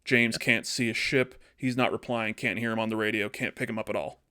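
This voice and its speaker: A man casually telling a story on a podcast, animated and acting out the characters as he goes. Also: lowish voice, a little fast, clear, resonant tone. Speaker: podcast host.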